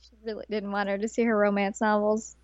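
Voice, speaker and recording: A woman's voice: medium pitch, level tone, a little fast, no echo. A woman co-hosting a podcast, chatting about an anime in an amused, filler-heavy way. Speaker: podcast co-host. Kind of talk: casual chat recapping an anime. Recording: dull lo-fi mic.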